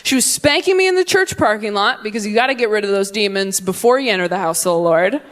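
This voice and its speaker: A woman in her twenties performing stand-up comedy with a brisk, sarcastic, punchy delivery. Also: medium pitch, animated, fairly bright tone. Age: 20s.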